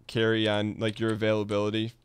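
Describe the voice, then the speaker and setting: A man hosting a let's play, chatting casually in a relaxed, rambling way and laughing easily. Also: fairly low pitch, quick pace, clear, resonant tone. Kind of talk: casual gaming chat.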